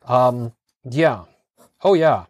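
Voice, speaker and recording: A male podcast co-host with an expressive, mid-range voice talks very slowly in a casual chat, easygoing and hesitant with many fillers. The recording has no room sound, and its high frequencies are cut off.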